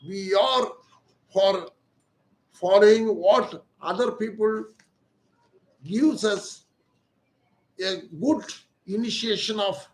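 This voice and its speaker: Slow older Indian surgeon lecturing. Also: male voice, sits high, reverberant, low-quality recording. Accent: Indian English. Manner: slow, deliberate, repeats key words. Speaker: ENT surgeon. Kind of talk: lecture-style explanation.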